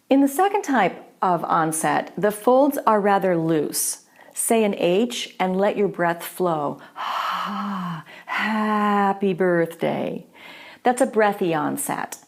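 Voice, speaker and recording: A woman teaching a voice lesson, explaining clearly and patiently. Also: on the low side, a little mellow. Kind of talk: instructional voice lesson.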